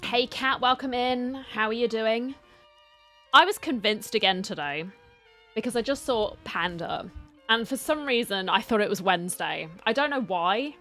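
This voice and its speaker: A woman's voice: a little high, moderate pace, fairly bright tone, soft background music. Chatty woman streamer greeting chat. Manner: chatty, greets viewers by name. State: tired from heat and poor sleep. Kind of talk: casual live-stream chat.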